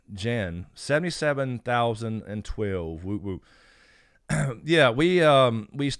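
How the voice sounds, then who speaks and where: Male streamer, low-ish smooth voice, rambling casual delivery, dry close sound. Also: no room sound. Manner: rambling, reads chat names aloud, frequent fillers. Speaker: YouTube channel host. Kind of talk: casual live stream Q&A chat. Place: home.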